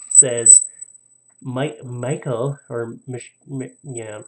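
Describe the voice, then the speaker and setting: A man's voice: mid-range voice, normal speed. Casual rambling young male streamer. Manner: casual, rambling, laughs often, stumbles over names. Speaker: live streamer. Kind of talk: casual live-stream chat reading viewer stories.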